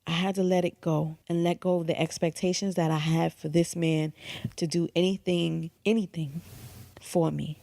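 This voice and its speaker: Gravelly-voiced woman telling a story. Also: low-pitched, moderate pace, dry recording. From United States. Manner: candid, animated, acts out quoted voices. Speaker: psychotherapist. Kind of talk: personal storytelling vlog.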